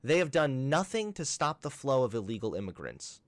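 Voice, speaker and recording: Sarcastic young man, lively dry voice. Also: mid-range voice, a little fast, dry recording. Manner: sarcastic, combative, animated. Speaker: commentary streamer. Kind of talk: reaction commentary and phone debate.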